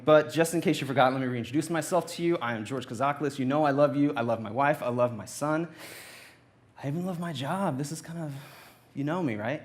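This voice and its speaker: On stage in a church auditorium, a young adult man gives a humorous personal testimony, playful and anecdotal, acting out quotes. His mid-range voice moves at a brisk pace.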